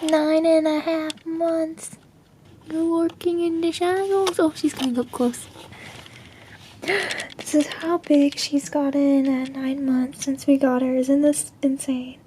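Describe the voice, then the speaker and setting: A woman's voice: sits high, fairly even intonation, slow pace, mellow, a little hiss or hum. A woman filming her kitten at home, talking to it in gushing baby talk and laughing often. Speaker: pet owner vlogger. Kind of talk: casual home video narration.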